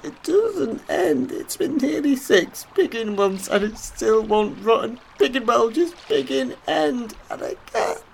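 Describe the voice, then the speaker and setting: An actor playing a young man who has been drugged, frightened and grieving a lost love, his voice swinging high and low and breaking into sobs. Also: sing-song, measured pace, creaky, hardly any pauses, slight background noise, full character voice, rough recording. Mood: despairing. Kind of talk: audio drama acting.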